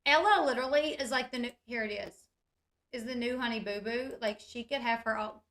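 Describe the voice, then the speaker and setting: In a brisk, fairly high and slightly bright voice, a female YouTuber gives a casual reality-show recap, speaking right to her viewers. The chat is loaded with "like" and "you guys."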